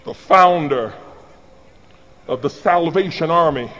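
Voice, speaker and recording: A man's voice: a little high, slow, muffled recording. A man preaching a sermon, leading his congregation in call-and-response and acting out little scenes as he goes. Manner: animated, plays out little scenes, calls on the congregation. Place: large hall or church. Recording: long hall reverb.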